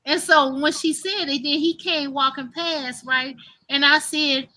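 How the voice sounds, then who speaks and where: Middle-aged woman host, AAVE, animated live-stream storyteller with a high, bright voice. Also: measured pace. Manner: animated, laughing, addresses listeners as y'all. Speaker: host telling a childhood story.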